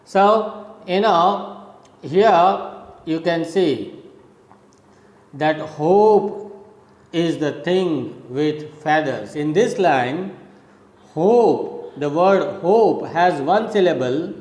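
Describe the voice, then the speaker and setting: A man's voice: on the high side, expressive, a little mellow, roomy sound, in a large hall, rough recording. A male college lecturer explaining poetry step by step, repeating points and checking in with "okay?". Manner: slow, repetitive explaining with frequent "okay?" checks. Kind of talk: recorded classroom lecture.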